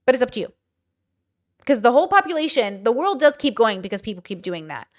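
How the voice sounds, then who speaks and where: A young woman with a voice a touch above average pitch, tearing into what she watches with blunt, sweary sarcasm. The sound is dry and close, with no room behind her. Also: big pitch swings, fast talker, dry recording. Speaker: YouTube commentator. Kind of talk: reaction commentary.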